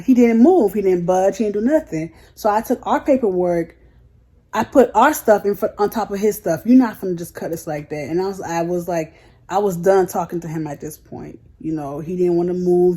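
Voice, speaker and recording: A woman's voice: mid-range voice, normal speed, warm tone, slightly rough. A young adult woman telling a story to her viewers in a casual, frank way, full of slang. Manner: chatty, frank, heated retelling with slang. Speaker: vlogger.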